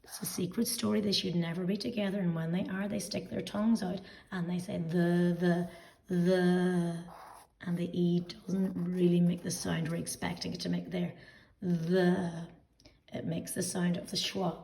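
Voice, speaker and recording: A woman teacher explaining weekly phonics homework to parents, speaking slowly and patiently and sounding out letters one by one. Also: lowish voice, flat delivery, creaky, dark tone, far from the mic. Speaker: early-years teacher. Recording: echoey room, voice set back from mic.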